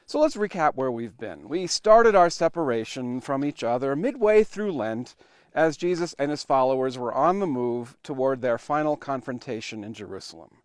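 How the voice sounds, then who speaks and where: A male pastor preaching a sermon, telling it like a story with dramatic pauses and sudden shifts between loud emphasis and hushed, quiet lines. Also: medium pitch, lively intonation, clean tone, dry recording, clean studio sound. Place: church online worship recording.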